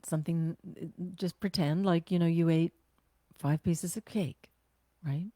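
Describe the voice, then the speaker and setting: Woman self-care teacher, gentle guided-breathing delivery, unhurried, dry close sound. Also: lowish voice, fairly even intonation, dry recording. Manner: gentle, conversational, with sighs and exhales.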